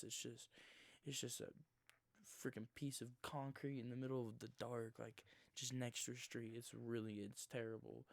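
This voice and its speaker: A man in his twenties telling a rambling, slangy story in his own words, sometimes dropping into a hushed near-whisper. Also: medium pitch, gravelly, no echo. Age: 20s. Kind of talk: casual first-person storytelling.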